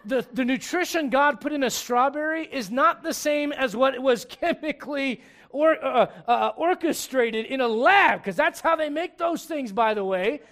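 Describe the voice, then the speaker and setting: A man preaching a sermon in church, humorous and animated, dropping to quiet asides and rising to shouts. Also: very high voice, moderate pace, hardly any pauses. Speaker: pastor.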